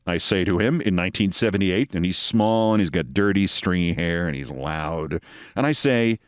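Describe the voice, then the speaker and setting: A man's voice: low voice, normal speed, dry recording, clean studio sound. A man in his sixties hosting a show, telling a long personal story in a wry, theatrical manner. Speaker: host. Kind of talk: storytelling monologue.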